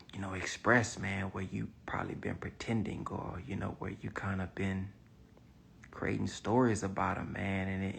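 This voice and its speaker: A man speaks to camera as an online business coach, musing and emphasizing points, now and then sinking to a near whisper, in casual motivational vlog style. His voice sits on the low side, creaky with a breathy edge.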